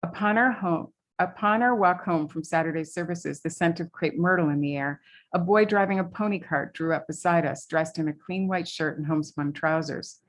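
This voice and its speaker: A woman's voice: fairly low pitch, moderate pace. A woman author from New England, reading passages from her novel at a library event, with hesitant remarks between readings.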